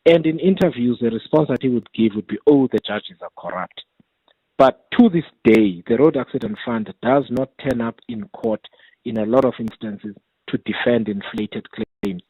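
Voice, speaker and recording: A man, a committee chair, answering interview questions in a measured way and often repeating words as he builds his points. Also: medium pitch, no room sound. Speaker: parliamentary committee chair, guest. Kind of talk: radio interview over the phone. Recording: tinny phone line, husky and dry.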